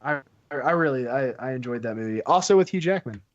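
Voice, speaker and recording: Male co-host, mid-pitched, blunt and teasing, dull lo-fi recording. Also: expressive, fairly quick. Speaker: podcast co-host. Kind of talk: casual roundtable chat. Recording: dull lo-fi podcast audio.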